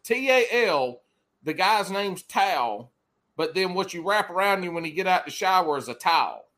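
A man's voice: high-pitched, expressive, moderate pace, pushed and bright. A man from the US South with a Southern accent, co-hosting a casual fishing chat and teasing the others. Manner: joking, teasing.

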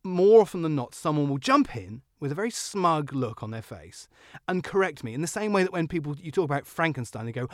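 A man hosting a car podcast, joking and animated as he talks. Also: on the high side, no room sound, clean studio sound. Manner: animated, joking, quick-talking. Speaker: podcast host. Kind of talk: casual car podcast chat.

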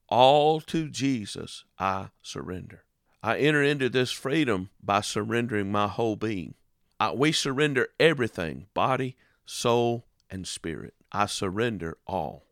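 Male radio preacher, deep-set voice, sweeping phrases he stretches out. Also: a bit bright, no echo, studio quality. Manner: preaching with dramatic pitch swings and drawn-out phrases. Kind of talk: radio sermon.

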